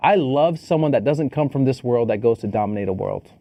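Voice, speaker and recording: Guy cohosting a movie podcast, mellow dark voice, dry close sound, swears a lot, super animated. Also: mid-range voice, creaky, dry recording, muffled recording. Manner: animated, swears freely, quotes people in quick asides. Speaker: podcast co-host. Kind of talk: casual movie review chat.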